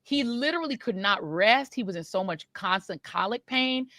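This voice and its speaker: A middle-aged woman tells a story on her podcast in a casual, animated way, often laughing and slipping into other people's voices. Her pitch swings widely and her tone is bright. The recording is dry and close. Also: moderate pace, dry recording. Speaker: podcast host.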